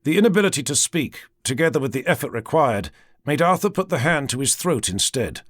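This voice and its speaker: Expressive male audiobook narrator, dry studio sound. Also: medium pitch, no echo. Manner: measured, dramatic, expressive.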